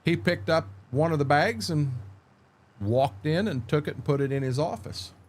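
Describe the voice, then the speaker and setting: A man's voice: a little high, normal speed. An older American man streaming a game and telling salty army stories in a casual, profane way. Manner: profane, animated war-story telling.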